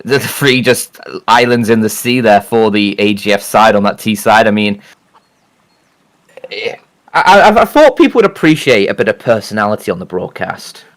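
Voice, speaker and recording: A man's voice: lowish voice, animated, normal speed. Joking male esports caster. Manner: joking, chatty, laughs often. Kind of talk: play-by-play commentary. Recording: faint background noise.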